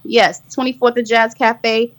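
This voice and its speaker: A woman's voice: on the high side, level tone, measured pace. An American woman from New York City, a musician guest chatting casually and upbeat on a radio interview. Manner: chatty and upbeat, lots of "like" and "you know".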